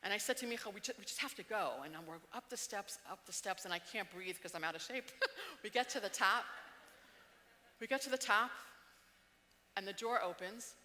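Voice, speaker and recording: A woman's voice: medium pitch, expressive, normal speed, sharp tone, long reverb tail. A middle-aged woman from the Washington DC area, giving a talk and telling a personal story vividly, acting out the quotes and changing her pace. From Washington DC area, United States.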